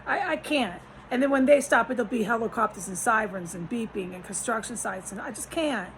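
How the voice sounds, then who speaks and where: A woman's voice: a little high, fairly quick, a bit bright, a little hiss or hum, rough recording. A woman vlogging from a rented room, talking in a rambling, frustrated way, cursing often and restarting her sentences. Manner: agitated, profane, trailing off and restarting.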